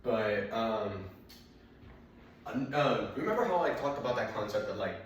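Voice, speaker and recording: Slow-talking man in an echoey room. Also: fairly low pitch, expressive. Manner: rambling, filler-heavy anecdotes with frequent restarts. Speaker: stand-up comedian. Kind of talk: stand-up storytelling. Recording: very echoey room, mic far off, faint noise.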